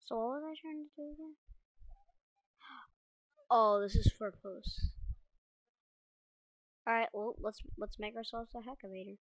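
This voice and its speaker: A woman giving casual gameplay commentary, chatting to her viewers and reacting quickly as she plays. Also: a little high, no room sound, poor audio. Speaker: gaming video creator.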